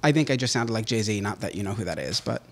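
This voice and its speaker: A man co-hosting a podcast in casual chat, rambling through stories with sudden jumps in pitch and loudness. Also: animated, fast. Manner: rambling, chatty storytelling. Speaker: podcast co-host.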